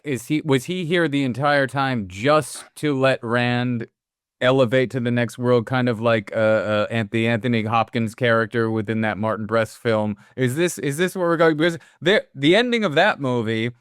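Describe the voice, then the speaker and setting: A man co-hosting a film podcast, jumping in with animated asides and casual swearing. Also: mid-range voice, normal speed, smooth, no echo, studio quality. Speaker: podcast co-host.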